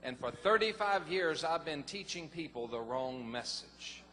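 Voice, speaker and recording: A middle-aged man, a pastor telling a personal story in a sermon, folksy and animated. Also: a little high, unhurried. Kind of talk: sermon testimony. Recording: long hall reverb, faint noise.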